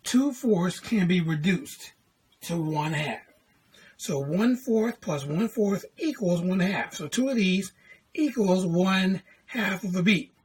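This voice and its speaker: A woman's voice: lowish voice, lively intonation, slow, darkish tone, husky. A woman teaching a music lesson, patiently explaining note values and counting in before chanting syllables. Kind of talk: classroom lesson video.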